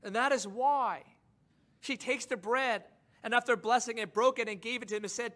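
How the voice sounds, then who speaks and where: Male pastor, high bright voice, impassioned sermon delivery with soft asides and swelling emphasis. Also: fairly quick.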